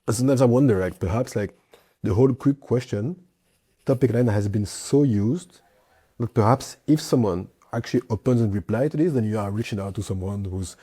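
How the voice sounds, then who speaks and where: A man with a low, dark and mellow voice chats loosely as host, filling his talk with asides and fillers. The sound is dry and close. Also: a little fast, husky, no room sound. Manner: chatty, many fillers and hedges. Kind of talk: casual conversation.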